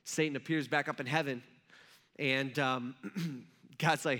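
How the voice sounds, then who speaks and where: A man's voice: mid-range voice, steady tone, unhurried, pushed and bright. A man preaching a sermon, retelling a scripture story in a conversational way with rhetorical asides to the listeners. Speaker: pastor.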